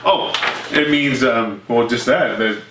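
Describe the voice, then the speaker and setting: A man's voice: mid-range voice, slow pace. Easygoing Texan man, co-host; far from the mic, with audible background hiss. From East Texas. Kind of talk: casual chat. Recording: echoey room, mic at a distance, hissy.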